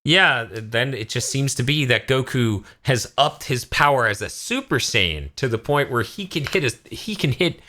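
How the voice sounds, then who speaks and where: Bright-voiced animated podcast guy. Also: moderate pace, few pauses. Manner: animated retelling, jumps into high squeaky voices for quoted characters, swears freely. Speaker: podcast co-host. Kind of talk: casual chat recapping an anime episode.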